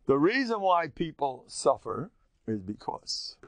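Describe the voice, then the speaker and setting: An older man, a rabbi giving a Torah lesson in an animated storytelling way, acting out quotes. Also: on the high side, a little slow, noisy background. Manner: animated storytelling, acts out quotes, mixes in Yiddish and Hebrew. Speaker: rabbi teaching a class.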